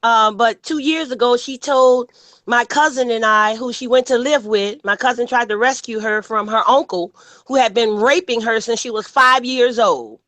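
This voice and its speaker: A woman's voice: a little high, moderate pace, a bit bright, dry recording. Emphatic woman in panel talk. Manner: emphatic, repeats "you know what I'm saying". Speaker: panel host. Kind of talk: casual panel chat.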